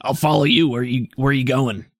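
A man voicing a brisk, commanding female official with mantis legs, giving curt, businesslike orders. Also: mid-range voice, fairly even intonation, no echo, clean studio sound, lightly acted.

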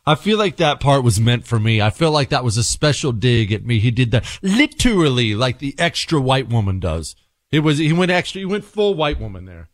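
A man hosting a political talk radio show, animated and exasperated, joking with listeners, with a drawl. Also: mid-range voice, brisk, no echo.

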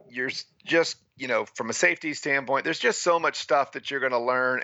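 A man from the United States telling a story as a guest in a casual interview, animated and peppering his talk with "right?" and "you know". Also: mid-range voice, no room sound, dull audio. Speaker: guest, freediving and spearfishing instructor.

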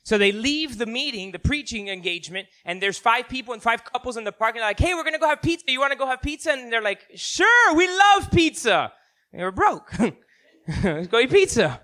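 A pastor with an extremely high-pitched voice preaches a sermon at a quick pace. He tells a story with animated delivery, swinging from loud emphasis to hushed asides and acting out the people in it.

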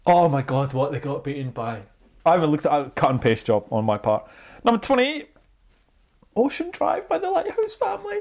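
A man's voice: fairly high pitch, sing-song, normal speed, darkish tone. A man co-hosting a podcast in casual chat, teasing his co-host and reading out a chart countdown. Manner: laughing, teasing, reads out chart list.

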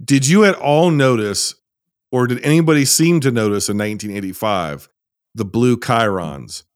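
A man's voice: mid-range voice, normal speed, no echo, studio quality. A man hosting a casual podcast chat, speaking sardonically. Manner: sardonic, animated. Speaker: podcast host.

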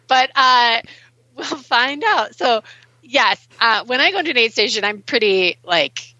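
A young adult woman talking as a guest on a casual podcast interview, animated and emotional, speaking in quick bursts. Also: mid-range voice, dry recording. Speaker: guest ultrarunner. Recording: muffled dry recording.

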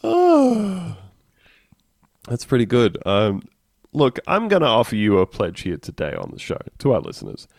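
A man's voice: on the low side, wildly swooping pitch, a little fast, gravelly, dry recording. A man co-hosting a comedy podcast, reading out news stories wryly and laughing between them. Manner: wry, laughing, reads news stories in a dry voice. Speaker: podcast co-host. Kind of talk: casual comedic chat, reading news aloud.

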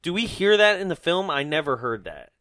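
A man co-hosting a casual movie discussion, animated and laughing often as he recounts scenes. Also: fairly high pitch, brisk. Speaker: podcast co-host.

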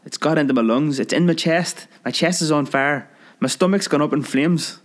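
A man's voice: lowish voice, expressive, racing, darkish tone. A man voicing a vain grown man in a storybook reading, spluttering and whiny, in a raised voice. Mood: panicked. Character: vain grown man, panicky and self-pitying.

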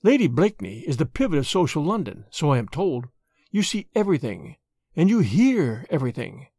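A man reading aloud, voicing a sly male French agent in a lower, slow, insinuating tone. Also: big pitch swings, a little mellow, slightly rough, no room sound, clean studio sound, exaggerated voice.

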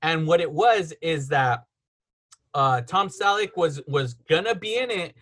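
A man's voice: fairly high pitch, animated, a bit bright. A man hosting a casual podcast chat at home, rambling through film trivia and laughing often. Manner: rambling, storytelling with quick laughs. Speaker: podcast host.

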